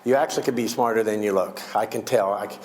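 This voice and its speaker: Teasing low-voiced male stage magician. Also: fast, background noise. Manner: teasing, wisecracking with volunteers. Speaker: magician performer. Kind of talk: comedic magic show patter. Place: school stage before a young audience.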